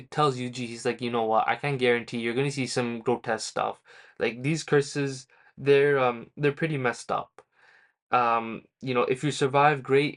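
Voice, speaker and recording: A man casually recapping a manga chapter for his review channel, rambling with many fillers and self-corrections. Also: medium pitch.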